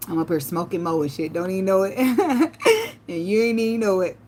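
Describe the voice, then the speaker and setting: A woman vlogger telling loose, profane stories in a relaxed chat, laughing often. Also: mid-range voice, normal speed, slight background noise. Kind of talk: casual livestream chat.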